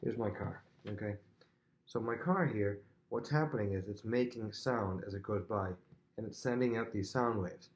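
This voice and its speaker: A man's voice: on the low side, moderate pace, slight background noise. A man teaching a physics lesson on video, talking casually and directly to students at home. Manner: casual, chatty, talks straight to students at home.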